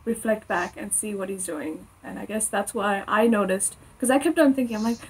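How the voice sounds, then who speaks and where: A woman's voice: medium pitch, fairly quick, hardly any pauses, slightly rough, poor audio. A young Australian woman co-hosting a faith podcast, telling a personal story in a chatty, laughing way. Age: young adult. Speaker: podcast co-host. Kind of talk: casual faith chat.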